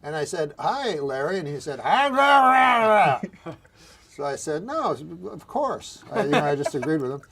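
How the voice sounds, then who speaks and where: Man, fairly high voice, deadpan, halting delivery, doubles back on his words. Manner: deadpan, halting, circling back over his own phrases. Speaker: comedian and talk show guest. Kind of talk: deadpan joke delivery and rambling anecdote.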